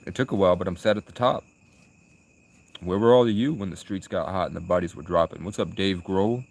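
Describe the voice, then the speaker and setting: A man's voice: sits low, fairly quick, gravelly, no room sound. A young man live streaming, chatting with viewers in rambling, crude, provocative banter. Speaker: livestreamer.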